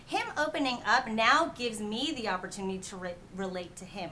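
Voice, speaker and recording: A woman's voice: on the high side, lively intonation, normal speed, few pauses, bright, forceful tone, a little hiss or hum. A woman from New Jersey with a Jersey accent, a dating coach guest giving candid, blunt advice in a casual chat.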